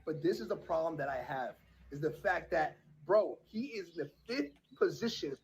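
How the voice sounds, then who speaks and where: A man's voice: fairly high pitch, animated, normal speed, gravelly, a little hiss or hum. An American man giving earnest fan commentary on football, insistently listing his points.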